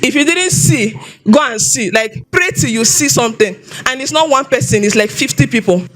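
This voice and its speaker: A woman with a Nigerian English accent giving an animated, expressive personal testimony, often repeating herself as she tells her story. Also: a little high, moderate pace. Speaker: testimony speaker.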